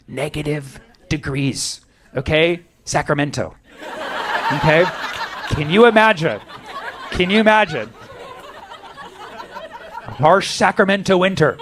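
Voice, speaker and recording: A man's voice: sits high, fairly bright tone. A man doing a stand-up set, riffing with lots of swearing and acting out other people's voices. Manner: profane, riffing, acts out voices. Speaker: stand-up comedian.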